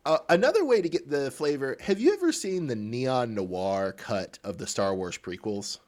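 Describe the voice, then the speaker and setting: A man's voice: mid-range voice, sing-song, normal speed, a little mellow. A man co-hosting a podcast in casual chat, teasing his partner and laughing often. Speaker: podcast co-host.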